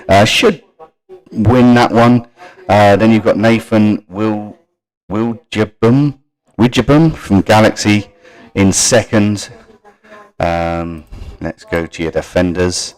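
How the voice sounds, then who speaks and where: A man's voice: fairly low pitch, poor audio. A man hosting a live gaming stream. He runs through league standings and stats and talks casually to his viewers. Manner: reads league stats off screen and chats to viewers. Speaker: stream host.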